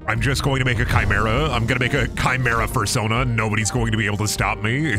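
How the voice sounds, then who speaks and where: A young man giving goofy, joking commentary on a game stream, swearing and laughing often. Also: medium pitch.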